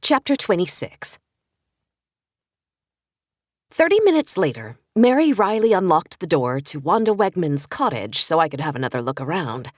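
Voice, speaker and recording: Woman, audiobook narrator, cozy mystery, low voice, very lively pitch, dry close sound. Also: moderate pace, few pauses, no echo. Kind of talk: first-person mystery narration.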